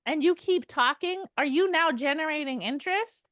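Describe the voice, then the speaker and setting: A woman coaching a sales team in an energetic, emphatic way, acting out sample call lines. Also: high voice, moderate pace, no room sound. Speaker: sales trainer.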